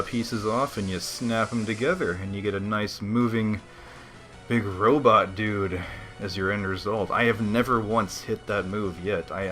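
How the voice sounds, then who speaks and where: A man's voice: on the low side, a bit bright. A man giving laid-back, slangy commentary while playing a video game and chatting to his viewers. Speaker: let's play host. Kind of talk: casual gaming commentary.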